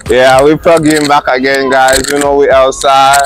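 A man's voice: mid-range voice, little pitch movement, moderate pace. A young man from Belize with a Belizean accent, running a casual street interview outdoors and teasingly drilling phrases with strangers. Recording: street noise, music playing behind.

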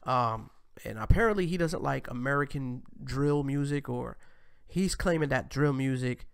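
A man hosting a casual commentary show, reacting to clips in a loose, profane, animated way. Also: mid-range voice, moderate pace, creaky, smooth. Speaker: host.

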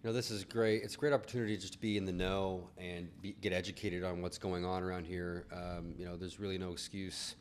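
A man's voice: sits low, level tone, brisk, hardly any pauses, a little hiss or hum. A man in his thirties co-hosting a local show, chatting casually and jokingly with a lot of rambling restarts. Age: 30s. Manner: rambling, many restarts, jokey. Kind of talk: casual chat.

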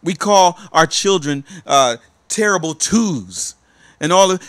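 A man delivers a motivational talk in the cadence of a sermon, pressing each point again and again. His voice sits a little high and swings widely in pitch as he exhorts the listener. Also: animated, moderate pace, a bit bright. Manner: emphatic, repetitive, exhorting. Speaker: life coach. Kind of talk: motivational preaching.

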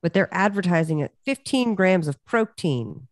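Teasing, lowish-voiced woman co-host. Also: animated, normal speed, dry recording, clean studio sound. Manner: teasing, laughs as she talks. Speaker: podcast co-host. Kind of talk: casual chat.

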